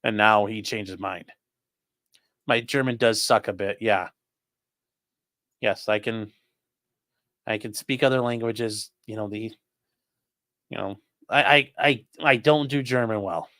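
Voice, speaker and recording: A man's voice: lowish voice, unhurried, pauses often, fairly bright tone, no room sound, studio quality. Casual man answering live chat. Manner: rambling, answers viewer questions offhand. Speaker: livestream host reading chat.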